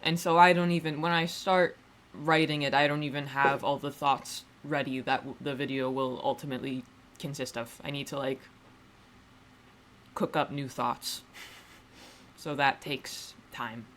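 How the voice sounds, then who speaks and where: A woman's voice: rumbling low, level tone, a little slow, a bit bright, slight background noise. A woman talking loosely to her stream audience in a casual, self-deprecating way. She drifts mid-sentence, restarts her thoughts, and drops the odd swear word. Her tone stays dry and joking. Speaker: livestreamer. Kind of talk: casual livestream chat.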